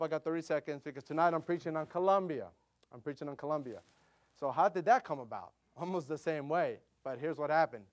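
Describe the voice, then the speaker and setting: A middle-aged American man preaching a sermon as a missionary, telling stories in an animated way and calling out to his audience. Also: fairly high pitch. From United States. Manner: animated, quick storytelling with audience call-outs. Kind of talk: storytelling sermon.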